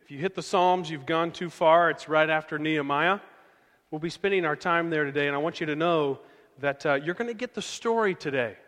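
A man's voice: on the high side, brisk, fairly bright tone. Man, pastor, conversational storytelling sermon, long hall reverb. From Oklahoma.

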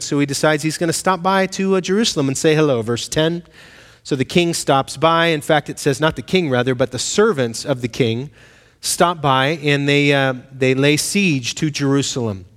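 A pastor with a fairly high voice preaches with a big-room sound around him. He addresses the congregation conversationally, putting questions to them and acting out quoted voices.

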